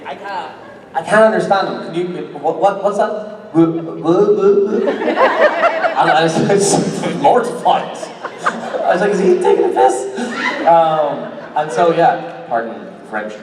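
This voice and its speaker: A man's voice: fairly high pitch, animated, takes it slowly, background noise. A man on a convention panel telling playful, swearing stories as an actor. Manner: playful, swearing, laughing storyteller. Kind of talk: casual panel storytelling. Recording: echoey hall recorded from far off with crowd.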